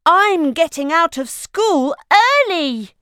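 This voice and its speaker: A woman voicing an excitable, nervous young boy cat in a storybook read-aloud. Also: extremely high pitch, slow, no echo, clean studio sound, voice pushed up, exaggerated voice. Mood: excited.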